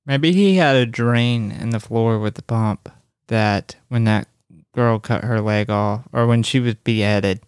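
Male podcast co-host, mid pitch, smooth clear tone, slangy and blunt, dry close mic. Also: unhurried, dry recording. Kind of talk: casual horror movie podcast chat.

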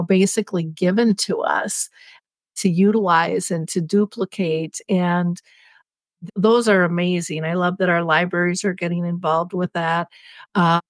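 A woman's voice: lowish voice, dry recording. Heartfelt woman advocate, dry sound. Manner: heartfelt, reflective, unhurried. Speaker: dementia patient advocate guest. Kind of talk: podcast interview storytelling.

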